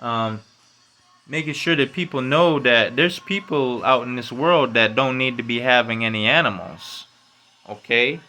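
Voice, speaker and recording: A man hosting a casual solo podcast, talking in slangy, profane speech full of "you know" and "man", and getting loud and high when worked up. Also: a little slow, faint music behind. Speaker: podcast host.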